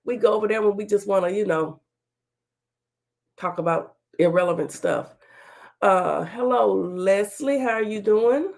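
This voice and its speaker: Gravelly-voiced woman hosting a livestream. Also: mid-range voice, measured pace, darkish tone. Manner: chatty, folksy, greets viewers by name. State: recovering from illness, voice slightly off. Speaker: talk show host. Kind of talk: casual livestream chat greeting viewers.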